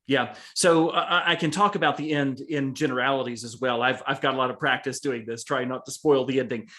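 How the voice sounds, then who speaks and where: A man's voice: mid-range voice, fairly even intonation, a little fast, sharp tone. A man, an author, talking earnestly about his book in an online session, with frequent restarts. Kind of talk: online talk and Q&A. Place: home, on a video call. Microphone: video call microphone.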